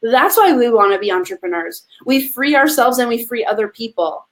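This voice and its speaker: A woman's voice: on the high side, animated, fairly quick. A woman speaking as a podcast guest, a coach who talks with passion and emphasis and addresses listeners as friends. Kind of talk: conversational podcast interview.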